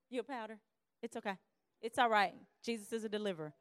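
A woman giving a lively church teaching on conflict, acting out quarrels in quick voices. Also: on the high side, slight background noise.

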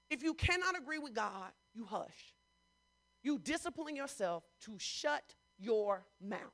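A woman pastor preaching a sermon in a conversational, informal way, switching between loud emphasis and hushed asides. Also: a little high. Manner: informal, talks straight to the congregation.

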